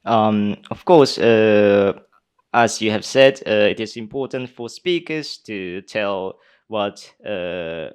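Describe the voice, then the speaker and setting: Slow, halting young man. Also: fairly low pitch, clean tone. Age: young adult. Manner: halting, many pauses and fillers. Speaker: speech contestant answering judges. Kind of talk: live Q&A answers.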